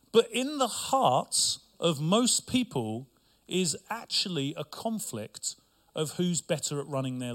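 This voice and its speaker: A man's voice: sits high, fairly bright tone. A middle-aged male pastor preaching a sermon with humor and asides to his congregation.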